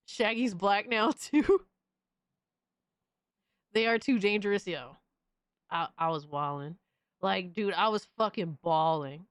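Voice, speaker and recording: Woman, stream host, casual chat, excitable, profane, mid pitch, dry close mic. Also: slow pace, pauses often, smooth, no echo. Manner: excitable, profane, reacts loudly to chat messages. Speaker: livestream host reading chat.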